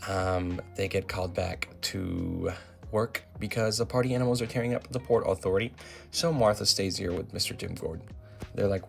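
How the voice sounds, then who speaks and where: A man with a low, gravelly voice talks through a comic book issue in a relaxed, slangy recap full of ums and asides. Faint music plays underneath him. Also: normal speed. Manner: laid-back slangy summarizing with many ums.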